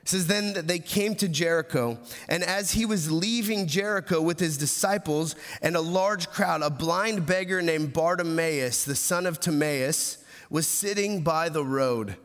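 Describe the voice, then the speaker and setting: A man with a high voice preaches a sermon in a church hall, his words ringing out with a long reverb. He stumbles and repeats words as he goes, pushes toward urgent emphasis, then sinks to a soft, quiet close. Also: unhurried. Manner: repeats words and restarts, grows louder and more urgent, then drops soft. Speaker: pastor.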